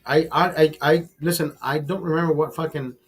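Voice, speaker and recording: A man's voice: fairly high pitch, fairly even intonation, a little fast, breathy edge. A man hosting a casual livestream, swearing freely as he tells a story with emphasis and talks to his chat. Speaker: livestream host.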